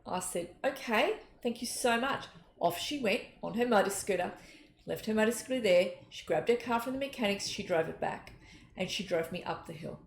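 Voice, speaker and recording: A middle-aged woman, a psychic giving an earnest, gentle spiritual talk and telling personal stories. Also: on the low side, creaky. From Australia. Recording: echoey room, faint noise.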